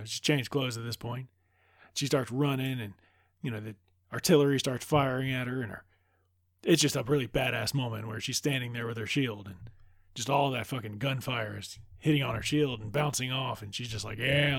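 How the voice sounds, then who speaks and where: A man's voice: medium pitch, dry recording, studio quality. Man in a loose, profane film recap. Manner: loose, profane, enthusiastic retelling.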